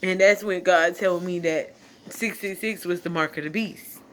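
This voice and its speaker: Tearful woman, lowish voice, emotional home testimony on a phone, faint background noise. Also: normal speed. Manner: talks through tears, laughing and preaching at once. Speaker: vlogger sharing a testimony. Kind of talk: emotional casual testimony on a livestream. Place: home at night.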